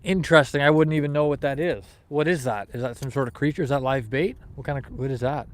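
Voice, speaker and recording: A man's voice: mid-range voice, a little fast. A man from Canada hosting a fishing livestream outdoors in the snow, chatting casually with viewers and reading their comments aloud in an easygoing, rambling way.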